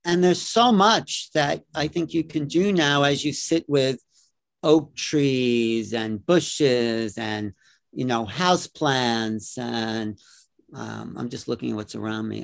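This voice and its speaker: A man's voice: medium pitch, creaky, no room sound. A man hosting a casual conversation, encouraging his guest and musing aloud.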